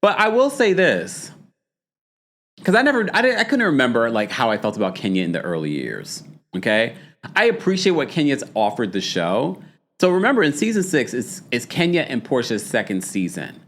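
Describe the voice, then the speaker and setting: This host of a reality TV recap stream has a mid-range voice and talks at a moderate pace. Chatty and laughing, he reads viewers' chat comments aloud and performs the taglines in an over-the-top dramatic voice.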